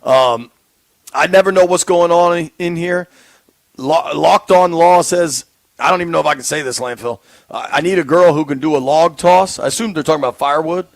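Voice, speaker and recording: A man's voice: on the high side, brisk, no room sound. A man co-hosting a sports radio show, chatting casually with frequent ums and easy laughter. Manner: laughs easily, hesitant with fillers. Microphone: studio microphone.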